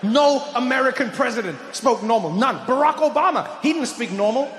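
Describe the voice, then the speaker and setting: A man doing stand-up comedy on stage, animated and mock-indignant. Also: very high-pitched, a little fast. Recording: echoey hall with background noise.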